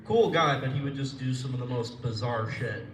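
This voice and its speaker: A man's voice: medium pitch, moderate pace. Rambling, profane young man doing stand-up. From Florida. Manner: rambling, profane, loses his train of thought. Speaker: stand-up comedian. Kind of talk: live stand-up set. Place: live comedy venue. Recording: echoey room, mic at a distance, noisy.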